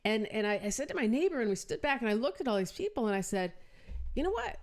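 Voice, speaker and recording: A woman's voice: mid-range voice, sing-song, very fast. Earnest woman guest reflecting. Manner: earnest, reflective, frequent affirming backchannels. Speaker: guest, consultant. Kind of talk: casual interview talk.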